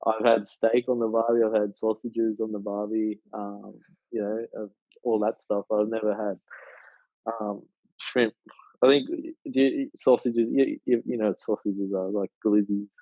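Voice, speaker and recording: A young Australian man in his twenties chats casually as a podcast guest, rambling with plenty of fillers and restarts. His voice sits on the low side, delivered flatly at a measured pace. The dull, lo-fi recording is dry, with no echo.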